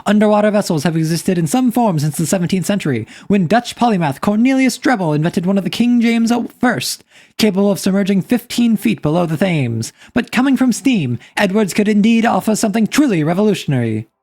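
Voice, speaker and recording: A woman's voice: mid-range voice, lively intonation, brisk, mellow. A woman voicing an old-timey newspaper reporter who reads out a formal news bulletin. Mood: declamatory. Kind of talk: in-character news reading.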